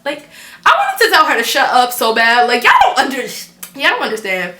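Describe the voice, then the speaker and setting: Teen girl ranting on her vlog, kinda high voice, super bright, cusses a lot, echoey room. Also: normal speed. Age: teens. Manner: animated and blunt, swears freely. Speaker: vlogger. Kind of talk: casual storytime vlog.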